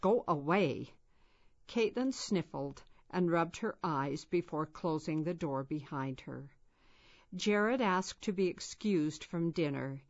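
A woman with a lowish voice reads a children's story at an unhurried, very slow pace. Her narration is gentle and measured. The recording sounds somewhat dull and lo-fi. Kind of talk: storybook reading.

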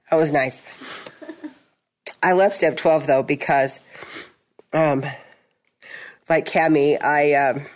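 A middle-aged woman sharing her testimony at a recovery meeting, telling stories in a chatty, animated way. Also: sits low, slow pace, long pauses. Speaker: support group member.

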